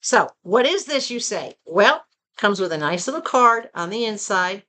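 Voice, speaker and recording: A woman's voice: normal speed, slight background noise. A woman with a Southern American accent chatting casually and expressively to her viewers from home. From Southern United States. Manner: chatty and expressive, rising to animated pitch when excited. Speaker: vlogger. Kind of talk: casual chat.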